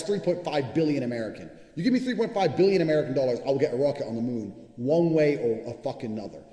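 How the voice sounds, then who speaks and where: A man with a mellow, medium-pitched voice gives a boastful, brash motivational monologue as a money-advice vlogger, cursing all the way through. The room is echoey, with long reverb.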